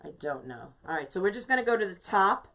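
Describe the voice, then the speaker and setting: A woman's voice: medium pitch, very animated, quick pace, creaky, fairly bright tone. A woman in her fifties leading a live craft tutorial, chatty and emphatic, greeting viewers by name as she works. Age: 50s. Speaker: craft instructor and shop owner.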